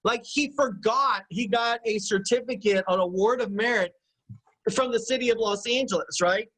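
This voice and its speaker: A man's voice: high-pitched, normal speed, fairly bright tone, low-quality recording. A middle-aged man giving a motivational business teaching talk, emphatic and repetitive, often checking in with his listeners. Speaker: business coach.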